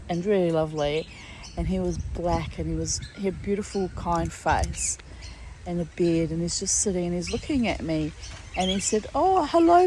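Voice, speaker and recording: Woman vlogger, rambling casual story, low-ish voice, faint background noise. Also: warm tone, poor audio. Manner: chatty, rambling, many fillers.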